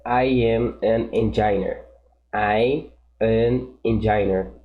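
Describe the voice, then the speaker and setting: A man reads English sentences very slowly and carefully, the halting pace of a learner. His voice comes through a tinny, phone-like video call line. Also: fairly low pitch, steady tone. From Brazil. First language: Portuguese. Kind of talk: reading practice sentences aloud.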